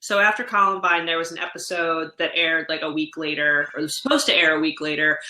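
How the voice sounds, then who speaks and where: Chatty woman with a bright voice. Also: low-pitched, level tone, fairly quick. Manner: chatty, rambling storyteller. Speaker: podcast co-host. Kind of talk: casual chat about comics and TV. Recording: echoey room.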